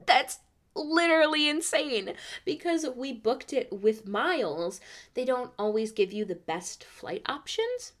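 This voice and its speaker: Young female podcast host, animated storyteller, mid-range voice, acts out quoted voices. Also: medium pitch. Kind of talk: casual storytelling.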